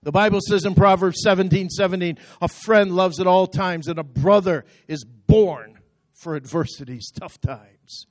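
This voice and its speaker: A man's voice: sits high, moderate pace, no room sound. A middle-aged male pastor preaching a sermon in a church, impassioned and building into call-and-response. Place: church auditorium.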